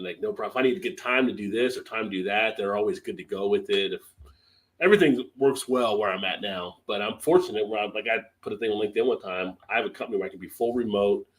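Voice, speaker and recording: A man hosting a live stream, chatting casually and loosely, swearing and laughing often. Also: fairly low pitch. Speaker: beer channel host.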